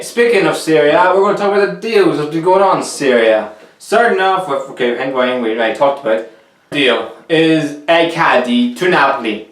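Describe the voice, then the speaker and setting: A man's voice: mid-range voice, fairly bright tone, distant mic. Chatty young man with roomy echo. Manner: chatty, rambling, opinionated, restarts sentences. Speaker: football vlogger. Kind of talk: casual football transfer commentary. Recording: roomy echo, a little off the mic.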